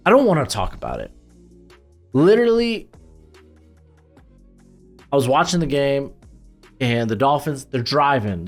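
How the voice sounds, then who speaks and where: A man giving casual football commentary as host, loose and rambling with lots of fillers and restarts. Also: mid-range voice.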